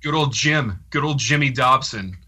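A man with an intensely bright, tense-edged voice. He co-hosts a podcast, spinning an anecdote in loose, animated chat with self-deprecating asides. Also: medium pitch, normal speed, husky. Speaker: podcast co-host. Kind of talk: casual podcast storytelling.

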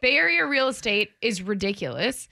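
A woman co-hosting a sports talk radio show, teasing her partners in quick back-and-forth chat. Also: a little high, big pitch swings, vocal fry, sharp tone.

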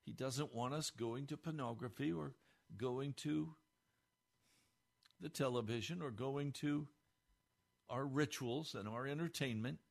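A male pastor delivering a radio sermon, building to emphatic peaks and then dropping low and quiet. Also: a little slow, creaky, long pauses.

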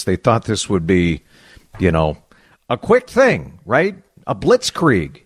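A man's voice: medium pitch, no room sound, studio quality. A man co-hosting a talk radio show, chatting in a conversational way with fillers. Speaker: radio co-host.

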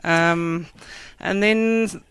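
A woman's voice: on the low side, fairly even intonation, extremely slow, fairly bright tone, clear, resonant tone. A woman, founder of a food shop, describing her menu as a guest in a radio studio. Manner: friendly, plain, lists menu items. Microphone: studio microphone.

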